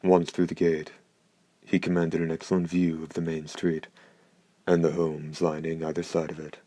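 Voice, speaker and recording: Very deep, flat male audiobook narrator. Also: dry recording. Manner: steady, even, unhurried reading. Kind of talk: scripted narration.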